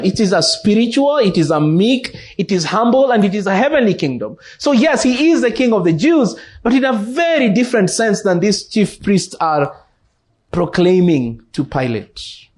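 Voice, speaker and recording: A man with a Kenyan English accent preaching an expository sermon in church, slow and deliberate, repeating key phrases for emphasis. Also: sits high, expressive, a little mellow. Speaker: pastor.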